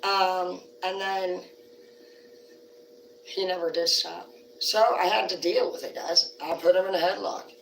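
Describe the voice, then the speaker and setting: A woman's voice: lowish voice, steady tone, measured pace, gravelly, pauses often, a little hiss or hum. A woman hosting a casual livestream, telling rambling stories full of swearing. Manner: rambling, profane storytelling. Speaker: livestream host. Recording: roomy sound from a distant mic.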